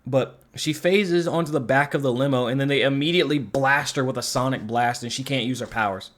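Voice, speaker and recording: A man's voice: mid-range voice, fairly quick, a bit bright. Exasperated man ranting through a movie review. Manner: profane, exasperated, rambling with many fillers. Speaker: film reviewer. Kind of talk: casual movie review rant.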